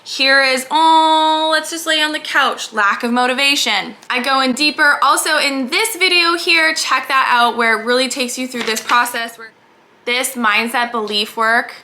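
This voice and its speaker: A woman's voice: sits high, normal speed, sharp tone, a little hiss or hum. A woman business mindset coach giving an upbeat, encouraging motivational talk to the camera.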